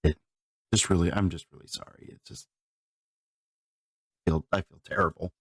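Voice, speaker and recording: A man's voice: deep voice, steady tone, moderate pace, no echo. A man making a comedic apology as a guest, rambling and hesitant with lots of filler. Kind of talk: comedic sketch chat.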